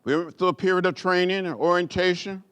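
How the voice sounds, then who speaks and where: This man's voice is clear, resonant, and a bit bright, holding a steady tone at a quick pace. He's in his seventies, from rural Alabama, giving an award speech at an indoor gala that moves from story into stirring oratory, with a preacher-like cadence, rising repeated phrases, and big pitch swings.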